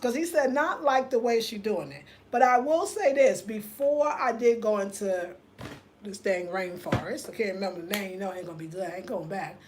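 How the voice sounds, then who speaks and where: A woman, telling a story in a casual live chat, animated and laughing often, reading viewer comments aloud. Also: mid-range voice, brisk, a little hiss or hum. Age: 50s. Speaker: livestream host.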